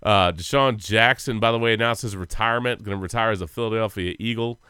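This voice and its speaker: A man with a lowish, smooth voice co-hosts a sports podcast, rambling through football news in a loose, profane way. He is close to the mic, and the sound is dry. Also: fast talker, bright, forceful tone, no echo. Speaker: podcast co-host. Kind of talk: casual sports chat.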